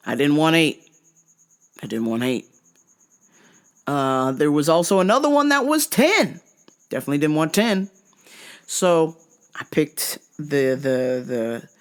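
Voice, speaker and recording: A woman with a lower voice retells a travel ordeal in a casual vlog. Her pitch swings widely as she gets worked up, and she swears freely. She drags out key words when she wants them to land. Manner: profane, exasperated, animated retelling. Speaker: vlog host. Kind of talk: casual storytelling rant.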